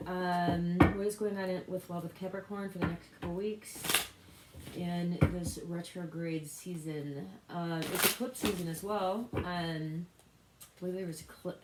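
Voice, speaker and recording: Woman doing a chatty tarot read, lowish voice, wanders off topic a lot, echoey room, loud noise behind. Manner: rambling, self-interrupting, loose asides. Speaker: tarot reader. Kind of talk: casual spiritual tarot reading. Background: card shuffling clicks.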